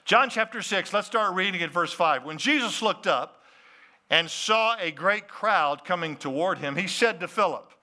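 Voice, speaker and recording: Pastor, lively preaching with asides to the crowd, bright voice. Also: male voice, high-pitched, normal speed. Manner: animated, talks to the crowd with questions and asides. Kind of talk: sermon.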